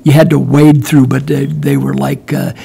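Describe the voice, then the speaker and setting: Gravelly, husky older man telling stories. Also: mid-range voice, little pitch movement, normal speed, warm tone. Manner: rambling, restarts often, laughs while telling. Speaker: guest veteran storyteller. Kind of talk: casual storytelling chat.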